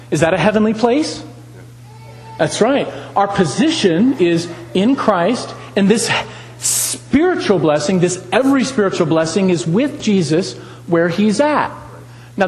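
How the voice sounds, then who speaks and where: A man's voice: high-pitched, a little mellow, big-room sound, low-quality recording. A man preaching a sermon, talking with animation, asking the congregation questions and repeating lines for emphasis.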